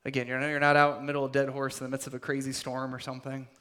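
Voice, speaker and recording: A man preaching a sermon, retelling a scripture story with dramatic swings between loud emphasis and hushed, almost whispered lines. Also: mid-range voice, completely flat delivery, rapid-fire, clean tone. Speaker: pastor.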